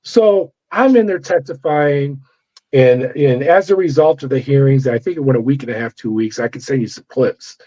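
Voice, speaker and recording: Man, middle-aged, interview guest, storytelling, animated, profane, mellow tone, muffled lo-fi sound. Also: mid-range voice, normal speed. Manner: animated, profane, acts out quoted dialogue. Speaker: guest, former corrections officer. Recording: dull lo-fi audio.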